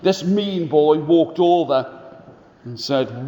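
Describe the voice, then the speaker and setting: A man storytelling to schoolchildren with a rather high voice and an unhurried pace, pausing to get them joining in. His voice carries a long reverb from a large school hall. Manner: animated, drawing the children in to join the actions.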